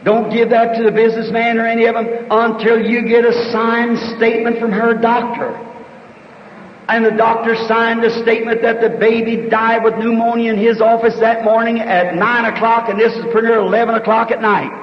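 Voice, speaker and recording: A high-pitched man with a drawl preaches to a crowd, his plain homey storytelling climbing into shouted declarations. The sound is an old, dull tape recording with long reverb from a large hall. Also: little pitch movement, moderate pace, a little hiss or hum. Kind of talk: sermon with storytelling.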